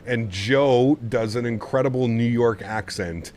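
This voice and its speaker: Unhurried and a little mellow, this mid-range male voice belongs to a flight-sim streamer. He rambles easily through casual livestream chat with his audience and laughs a lot.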